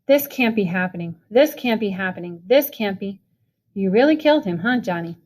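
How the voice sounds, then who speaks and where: A woman's voice: medium pitch, expressive, normal speed, darkish tone, natural voice. A woman voicing a tough but frightened teenage boy who speaks tensely, in a storybook reading. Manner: tense, shaking.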